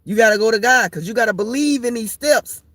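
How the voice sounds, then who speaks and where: A woman's voice: fairly high pitch, fairly quick, no echo. A woman leading an informal Bible study, repetitive and playful, laughing often as she preaches.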